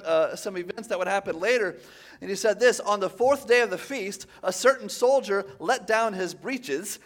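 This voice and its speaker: A man preaching a sermon, animated and conversational, often tossing in "right?" to the congregation. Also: high voice.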